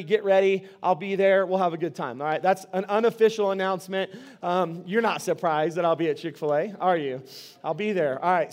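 A man, a pastor giving playful, joking announcements to his church. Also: high-pitched. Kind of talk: sermon announcements. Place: church sanctuary.

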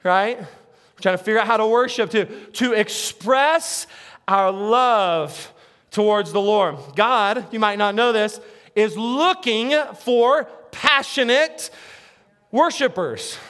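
A man's voice: high voice, slow pace, a bit bright, clean tone. A male pastor preaching a sermon in a playful, chatty way, keeps checking in with the audience and restarting his words. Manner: repeats words and restarts often.

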